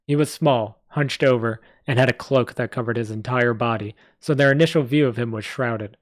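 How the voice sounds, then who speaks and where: A man's voice: mid-range voice, normal speed, dry recording. A man reading a story aloud on a live stream, with small slips and asides. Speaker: story reader.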